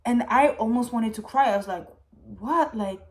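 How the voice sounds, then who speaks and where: A woman talks straight to her viewers in a loose, wandering chat, her voice sitting a little high. She is candid and a bit emotional, leaning on "like" and dropping the odd swear word. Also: a little fast, a little mellow. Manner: rambling and candid, heavy on "like" fillers; swears freely. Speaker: vlogger. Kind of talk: casual chat.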